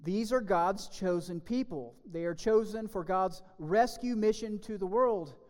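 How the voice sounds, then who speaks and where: Male pastor, high register, deliberate sermon delivery, long hall reverb. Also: darkish tone. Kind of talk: sermon with children's message.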